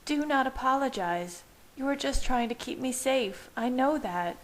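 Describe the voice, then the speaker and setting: A woman voicing a gentle, tearful young pregnant wife, speaking softly and pleadingly in a raised voice. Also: high-pitched, expressive, moderate pace, pitched above the performer's own voice. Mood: tender.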